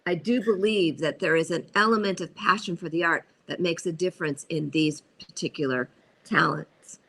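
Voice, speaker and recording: Bright-toned woman interview host. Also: on the low side, normal speed, vocal fry, breathy edge. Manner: earnest, enthusiastic. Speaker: acting coach, host. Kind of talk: casual interview chat.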